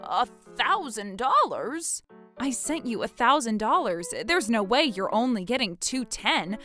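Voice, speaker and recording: A woman voicing an earnest young female college student who is quick to alarm. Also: fairly high pitch, sing-song, sharp tone, faint music behind, exaggerated voice.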